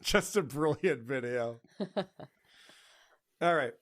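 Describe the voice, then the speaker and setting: A man's voice: mid-range voice, takes it slowly, a bit bright. A man hosting a podcast, casually mocking clips he plays and laughing often. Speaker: podcast host.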